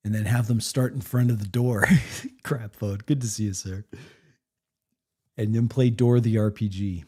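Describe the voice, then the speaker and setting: A man's voice: lowish voice, fairly even intonation, a little slow, warm tone. A man critiquing a recorded game session on a live stream, rambling with frequent restarts. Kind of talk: live reaction commentary.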